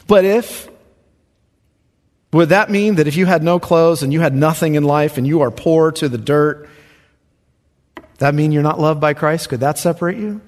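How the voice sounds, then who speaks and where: A male pastor preaching a sermon, emphatic, his voice surging loud and then dropping to a hush. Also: a little high, moderate pace, pauses often. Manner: emphatic, swinging from loud rises to hushed drops. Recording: reverberant hall.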